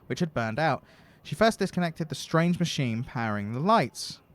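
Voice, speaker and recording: A man's voice: on the high side, very animated, normal speed. A man hosting a game stream, reading the game's story text aloud and thinking aloud in casual asides. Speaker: streamer host.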